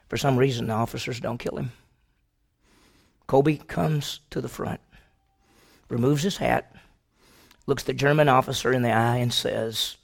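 A male preacher with a gravelly, mid-pitched voice delivers a sermon as a dramatic story. He moves between raised, pointed questions and hushed, drawn-out lines spoken to the congregation. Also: fairly even intonation. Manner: swings from loud questions to hushed, slow delivery.

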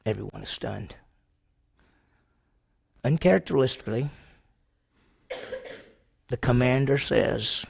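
A man preaching a sermon to a congregation, telling a story dramatically, moving from loud questions to hushed, slow passages. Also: mid-range voice. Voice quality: gravelly.

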